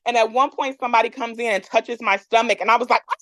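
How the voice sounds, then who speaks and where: A woman guest on a podcast telling a personal story in a candid, animated way, often laughing and using fillers. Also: a little high, fast talker, dry recording. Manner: candid, animated, acts out others' lines; frequent fillers, laughs between lines.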